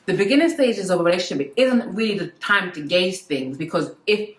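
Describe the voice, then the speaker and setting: A woman's voice: on the low side, a little fast, echoey room, low-quality recording. Preachy, playful woman vlogger. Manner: animated and preachy, with playful asides and laughs. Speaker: vlogger giving relationship advice. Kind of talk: casual advice talk to camera.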